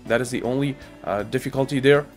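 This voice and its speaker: A man's voice: medium pitch, fast, soft background music. A young man with a nasal, stuffed-up voice, hosting casual game strategy commentary and often checking in with "right?". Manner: chatty, with tag questions ("right?") and fillers. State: stuffy nose from a cold drink. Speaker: Pokémon GO channel host.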